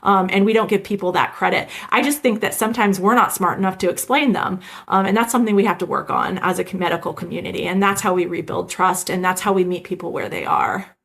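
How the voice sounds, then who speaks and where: A woman's voice: medium pitch, steady tone, fast, gravelly, hardly any pauses, a bit bright. A woman, an emergency physician, chatting in an interview over a video call, talking casually with many fillers and restarts. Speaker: emergency physician and author, guest.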